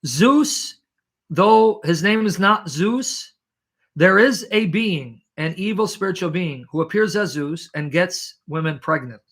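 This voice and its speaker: Emphatic high-voiced man arguing theology. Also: animated, measured pace, fairly bright tone. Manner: emphatic, rhetorical questions, clears throat. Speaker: Christian apologist guest. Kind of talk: animated theological argument.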